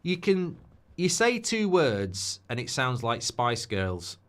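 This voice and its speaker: A man chats loosely on a live football watchalong. He is jokey and easygoing, reading viewers' comments aloud and riffing on them between thoughts. His voice sits at an ordinary middle pitch. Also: very animated, unhurried, a bit bright. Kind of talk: casual live-stream chat.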